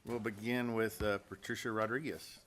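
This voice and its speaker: A man's voice: on the low side, level tone, normal speed, a bit bright, slight background noise. A man chairing a public board meeting in a friendly, informal way.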